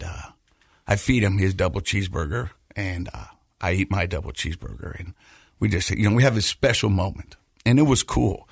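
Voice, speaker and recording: Husky-voiced man telling a story haltingly. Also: low voice, no room sound, studio quality. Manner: halting, repeats words while telling, laughs through lighter moments. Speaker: podcast host. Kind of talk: personal storytelling in casual chat.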